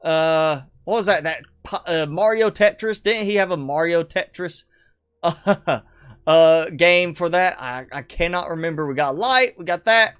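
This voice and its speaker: A man's voice: on the high side, lively intonation, a little slow, a bit bright, smooth. Male streamer, casual rambling commentary, self-deprecating, clean resonant tone. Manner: chatty, rambling, self-deprecating, chuckles often. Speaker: streamer showcasing player builds. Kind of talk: casual live game commentary.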